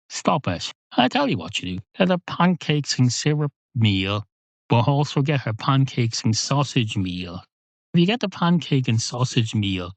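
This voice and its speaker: A man rambles through a deadpan stream-of-consciousness comic monologue, often correcting himself. His voice sits at a middling pitch. It is recorded close and dry, with no room sound. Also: no echo. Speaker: comedy podcast host.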